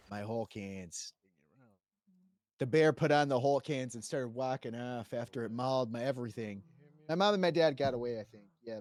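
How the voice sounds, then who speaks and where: A man telling a dramatic, profane in-character story during a role-play stream, swinging between hushed and loud. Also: mid-range voice, no room sound.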